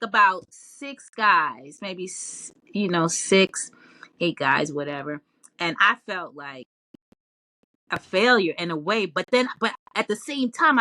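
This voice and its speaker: A woman telling her story as an interview guest in a casual, animated way, often laughing and raising her voice when she quotes herself. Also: medium pitch, dry recording. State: tearful at times.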